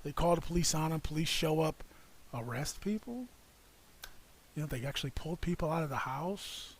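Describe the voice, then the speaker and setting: A man from the United States co-hosting a casual livestream, rambling, laughing often and reacting to viewer comments. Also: a little high. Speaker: livestream co-host.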